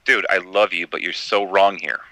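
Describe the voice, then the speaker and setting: A man's voice: low voice, steady tone, moderate pace, sharp tone, no room sound, rough recording. A middle-aged American man hosting a call-in show, arguing bluntly and heatedly, swearing often. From United States. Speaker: podcast host.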